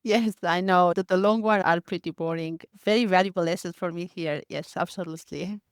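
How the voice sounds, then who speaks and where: A podcaster with a smooth, clear voice at a middle pitch, thinking aloud in a careful, slightly hesitant way and stopping to correct words. The recording is close and dry. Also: steady tone, a little fast, no echo. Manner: thoughtful, a little hesitant, self-correcting. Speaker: podcast host receiving advice. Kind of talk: casual interview reply.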